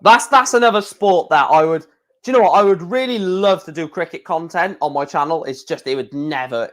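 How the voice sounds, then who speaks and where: Stream host, young man, rambling casual chat, voice a touch high. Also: a little fast, fairly bright tone. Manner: rambling, chatty, self-correcting.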